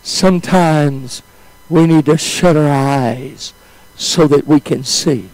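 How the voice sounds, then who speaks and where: A male preacher telling a story in a sermon, swinging from high exclamations to hushed, drawn-out phrases. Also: no echo, poor audio.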